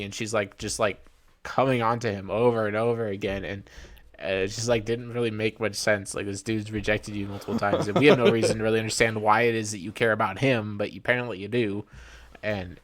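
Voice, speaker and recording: A man's voice: fairly low pitch, fairly even intonation, fast. A young man co-hosting a podcast, chatting casually about a movie, rambling with restarts and mock quotes. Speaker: podcast co-host. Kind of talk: casual movie review chat.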